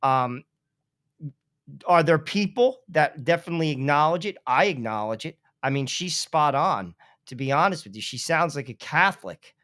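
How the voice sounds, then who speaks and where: A man co-hosting a talk show, speaking in a measured, hedging way with frequent fillers. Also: on the high side, lively intonation, fairly bright tone, no echo, clean studio sound. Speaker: co-host. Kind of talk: political talk show discussion.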